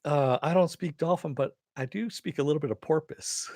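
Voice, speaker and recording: A man's voice: on the high side, normal speed, darkish tone, no echo, clean studio sound. A man hosting a casual spoken review of a cartoon episode, rambling and laughing as he retells funny lines, with some cursing. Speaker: host reviewing animated episodes.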